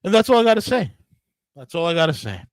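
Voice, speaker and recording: A man's voice: fairly high pitch, very animated, fast talker, no room sound, rough recording. A man hosting his own show, ranting angrily and profanely about politics, with frequent restarts and emphatic repetition. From United States. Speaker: podcast host. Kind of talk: solo political rant.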